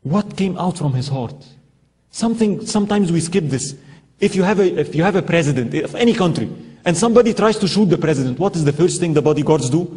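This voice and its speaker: A man's voice: a little high, lively intonation, quick pace, darkish tone. Man preaching in a reverberant hall. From Egypt. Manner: rhetorical questions, emphatic storytelling. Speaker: Islamic speaker. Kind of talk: sermon talk. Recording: lecture hall with long reverb.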